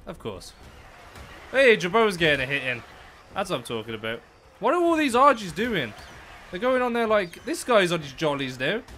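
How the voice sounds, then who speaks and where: A young man giving excitable let's-play commentary, talking to the animals and exclaiming often. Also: a little high, normal speed, a little hiss or hum. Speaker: gaming YouTuber.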